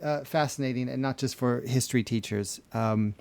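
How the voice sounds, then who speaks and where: Relaxed male co-host, filler-heavy delivery, dry studio sound. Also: medium pitch, moderate pace, no echo. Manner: easygoing, hesitant with many fillers. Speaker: podcast co-host. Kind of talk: casual chat.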